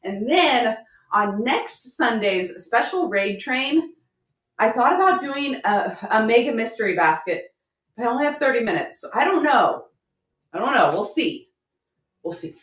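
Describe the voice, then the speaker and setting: A chatty, upbeat woman runs a live auction stream, her voice bright in pitch and bouncing all over the place. She jokes as she sells, and the room around her rings with a noticeable echo. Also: animated, moderate pace. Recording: roomy echo.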